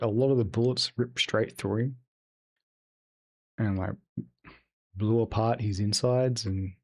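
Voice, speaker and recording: A young man talks over his game on a live stream in a fairly low voice. He is laid-back and rambling, drifting between topics and swearing freely. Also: a little mellow. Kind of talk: casual live-stream chat while gaming.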